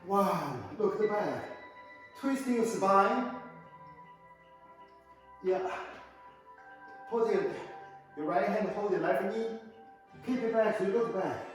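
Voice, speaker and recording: A man with a high voice leads a qigong class over a video call, speaking slowly and counting out each rep. He sounds far from the mic in a very echoey hall with long reverb, with faint music behind him. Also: lively intonation. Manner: counts out reps and gives short commands, teasing students. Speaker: qigong instructor. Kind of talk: online exercise class instruction.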